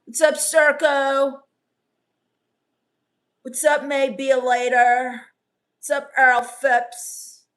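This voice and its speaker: Hunter Darkside, a woman doing a high-voiced sullen goth vampire. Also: drawn-out words, pauses often, exaggerated voice. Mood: deadpan scornful. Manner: deadpan, sarcastic, dismissive put-downs. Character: sullen goth teen vampire, scornful, hates everyone. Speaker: live streamer reading chat. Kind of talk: improvised character live stream comedy.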